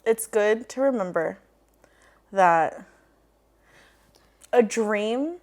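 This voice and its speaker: A woman's voice: mid-range voice, animated, very slow. A young woman co-hosting a casual podcast chat, bubbly and upbeat. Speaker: podcast co-host.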